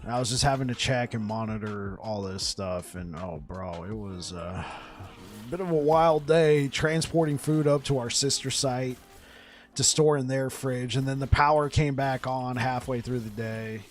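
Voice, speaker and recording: A man chatting casually with viewers on a live game stream. He laughs often, repeats words as he goes, and gets excited when telling a story. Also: mid-range voice, normal speed, faint music behind.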